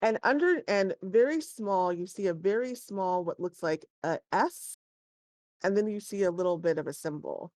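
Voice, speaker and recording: A woman's voice: medium pitch, moderate pace, a little mellow, no echo, studio quality. A woman narrating as game master in a tabletop game, chatty and digressive, often correcting herself.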